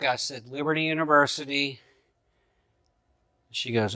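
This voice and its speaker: A middle-aged man preaching a sermon, telling a personal story with lively storytelling and acting out his own thoughts. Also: medium pitch, normal speed, no room sound, clean studio sound. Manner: animated storyteller who acts out his own thoughts, chuckling at times. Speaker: pastor.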